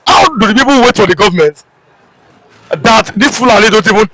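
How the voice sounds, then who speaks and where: Nigerian male web-show host, high and tense delivery, faint hiss behind. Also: animated, brisk, pushed and bright, poor audio. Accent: Nigerian English. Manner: urgent, repeats headlines and appeals. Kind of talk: online news talk show.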